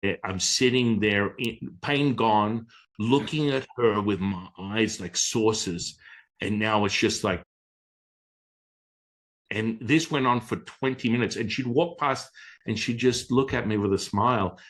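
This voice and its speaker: A man, a Taoist teacher, telling stories from his past in a casual, animated conversation, acting out voices and swearing casually. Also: lowish voice, measured pace.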